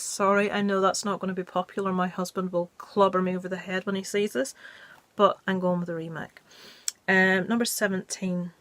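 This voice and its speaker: A woman's voice: mid-range voice, dry recording. A woman talks through her picks in a casual, chatty way, with a middle-range voice. She is blunt and jokey, and her opinions come out frank and unpolished. The sound is dry and close, with no room ring. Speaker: movie review vlogger. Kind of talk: casual chat.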